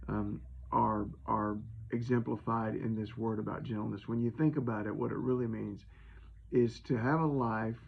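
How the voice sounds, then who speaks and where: A man's voice: fairly low pitch, gravelly, slightly rough, dull audio. A man giving an informal, folksy sermon, retelling scripture in his own conversational words. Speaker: preacher.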